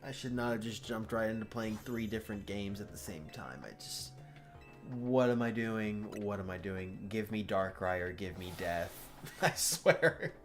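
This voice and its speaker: A man's voice: lowish voice, steady tone, normal speed, faint music behind. A man streaming a game live, muttering frustrated thoughts to himself with frequent sighs. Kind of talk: live gameplay commentary.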